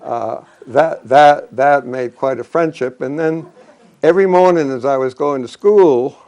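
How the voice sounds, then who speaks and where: An older man telling local history and childhood memories in a halting way, full of fillers and restarts. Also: medium pitch, a little mellow. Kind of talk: reminiscing talk.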